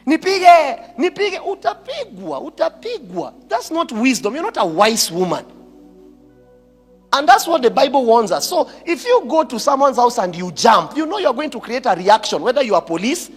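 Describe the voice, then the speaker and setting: A man's voice: very high voice, sing-song, normal speed, breathy edge, big-room sound, soft background music. A man with a Kenyan accent, giving impassioned commentary in a preachy manner, firing rhetorical questions and slipping into Swahili phrases.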